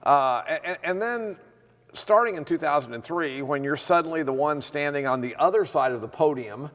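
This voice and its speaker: A man interviewing a former official for an oral history project, asking measured questions with hesitant restarts. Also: on the high side, lively intonation, fairly bright tone. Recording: hall reverb.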